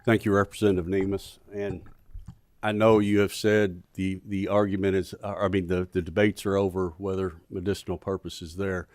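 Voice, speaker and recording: A man, a state representative, giving remarks at a committee hearing in a halting way with frequent pauses. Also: low-pitched, level tone, a little mellow, no echo.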